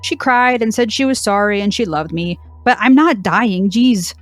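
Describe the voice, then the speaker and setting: A woman's voice: medium pitch, lively intonation, normal speed, soft background music, lightly acted. A woman voicing a sassy, dramatic deaf female cow dog, reading her diary with a dry, mock-dramatic delivery. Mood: wry.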